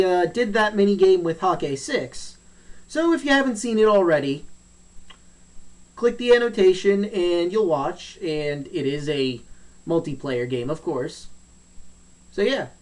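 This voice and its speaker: A man's voice: sits high, distant mic, low-quality recording. Rambling, jokey man recapping a game. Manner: rambling, jokey, acts out character lines. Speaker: let's play host. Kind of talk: casual game story recap.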